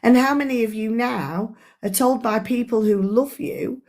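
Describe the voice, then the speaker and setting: A woman's voice: fairly high pitch, measured pace, darkish tone. Earnest, chatty woman coach. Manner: earnest, chatty, speaks straight to her audience. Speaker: life coach. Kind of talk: live-stream book club discussion.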